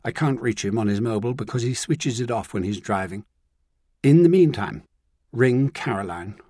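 A man's voice: mid-range voice, animated, moderate pace, mellow, no echo, studio quality, close to an everyday voice. A man reading the part of an urgent, commanding woman in an audiobook, giving orders in a clipped voice. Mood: calmer. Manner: clipped, brooks no argument.

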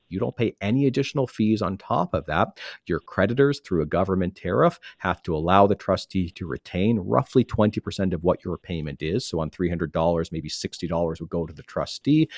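A man who works as an insolvency trustee, explaining the process in a steady, reassuring way. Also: sits low, no echo, studio quality. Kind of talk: explanatory radio talk.

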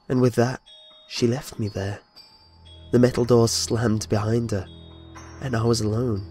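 A man's voice: mid-range voice, flat delivery, a little slow, pauses often, warm tone. Male horror narrator, dramatic storytelling, light music bed. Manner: dramatic storytelling with voiced dialogue.

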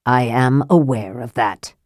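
A woman voicing a frail, sly male mage in an audiobook, with a soft, low, reproachful murmur. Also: unhurried, no echo, studio quality. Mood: sardonic. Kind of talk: audiobook character voice.

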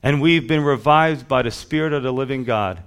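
A man's voice: mid-range voice, normal speed, a bit bright, clean tone. A man preaching a sermon as a pastor, emphatic, with rhythmic lists.

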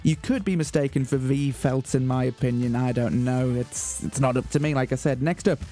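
A man's voice: mid-range voice, moderate pace, dark tone, soft background music. A man hosting a community radio show, announcing with mock-grand, earnest comic delivery in a studio. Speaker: radio host. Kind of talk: deadpan comic radio presenting.

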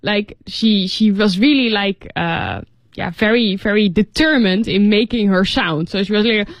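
A woman's voice: medium pitch, measured pace, no room sound. A woman co-hosting a radio English lesson, explaining phrases casually with many fillers and acting out example lines. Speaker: native-English co-host.

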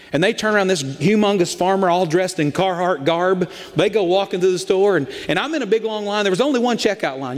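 A man's voice: sits high, big-room sound. A middle-aged man, preaching a sermon as pastor and telling stories in a folksy, emphatic way.

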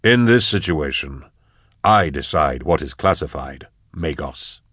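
Brief: man doing a grim curt investigator, very deep, flat and clipped, dry close read. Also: unhurried, no room sound, full character voice. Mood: cold. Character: grim cold male investigator, weary and curt. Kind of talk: audiobook narration.

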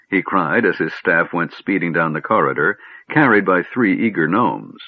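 A man narrating a fantasy audiobook in a measured storytelling manner, recorded on a narrow phone-like line. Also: low voice, expressive, husky, no echo. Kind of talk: scripted narration.

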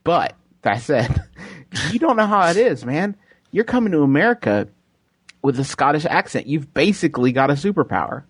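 A man's voice: fairly high pitch, big pitch swings, normal speed, breathy edge, no room sound. A man co-hosting a comedy podcast, giving joking advice in casual chat and laughing often. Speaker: podcast co-host.

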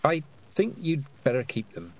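A man's voice: mid-range voice, big pitch swings, moderate pace. A man voicing a sensible, plain-spoken farm girl who sounds weary and matter-of-fact.

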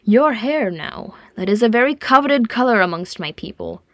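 A woman's voice: a little high, animated, normal speed, a bit bright, no room sound. A woman reading aloud and voicing a hearty male dwarf warrior who teases and jokes. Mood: jovial. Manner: hearty, teasing, playful.

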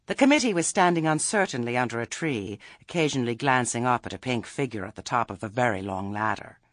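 A man narrating an audiobook in an expressive, wry storytelling manner. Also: medium pitch, fast talker, no echo, studio quality. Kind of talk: scripted narration.

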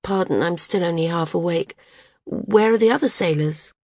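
A woman's voice: lowish voice, normal speed, a little mellow, dry recording, studio quality. A woman voicing a young woman flyer, proud and half awake, who stammers and turns cool in an audiobook. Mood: puzzled.

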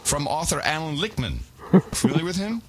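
A man's voice: on the high side, expressive, a little fast, slight background noise. A man co-hosting a talk show, laughing often and introducing clips with sarcastic commentary. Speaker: co-host. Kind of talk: casual mocking commentary.

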